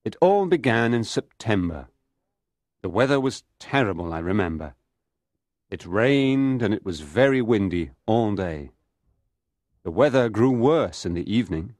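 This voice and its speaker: A man reading a story aloud for English learners, slow, clear and steady. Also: fairly low pitch, dry recording, studio quality. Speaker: narrator.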